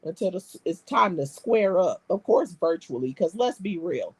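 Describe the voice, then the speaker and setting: A woman's voice: lowish voice, lively intonation, moderate pace, husky, no room sound. A woman hosting a live stream, reading viewer comments aloud and bantering in a brash, profane, streetwise way. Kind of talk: casual live-stream chat.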